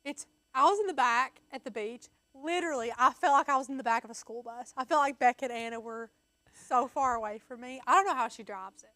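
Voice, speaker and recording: A young woman with a high, bright voice rambles through stories in a casual chat, acting out what others said and laughing as she goes. The sound is dry and close, with no room behind her. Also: a little fast, no echo. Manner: chatty storyteller, acts out quotes, laughs often. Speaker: co-host.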